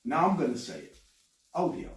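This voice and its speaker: High-voiced London man swearing and laughing. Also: lively intonation, normal speed, a little mellow. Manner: swears a lot, laughs, rambling. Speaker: podcast host. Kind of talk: casual chat. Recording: echoey room, mic at a distance, some noise.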